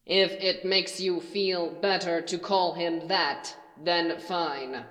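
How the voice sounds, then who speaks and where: A cold, inhuman creature from a storybook reading speaks slowly and low, every word a quiet threat, as a woman reader puts it on. The delivery is deliberate and unhurried. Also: fairly even intonation, echoey room, in a large hall. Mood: menacing. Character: inhuman slender alien, menacing and cold.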